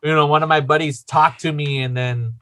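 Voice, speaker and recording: A man's voice: fairly high pitch, steady tone, a little fast, pushed and bright. A man casually telling a long personal story, rambling with lots of fillers and swearing.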